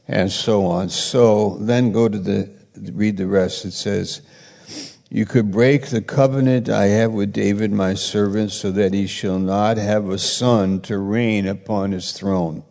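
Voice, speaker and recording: Gravelly slow-talking preacher man, reverberant hall. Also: fairly low pitch. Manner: rambling, self-correcting, storytelling with rising excitement. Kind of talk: sermon, Bible teaching.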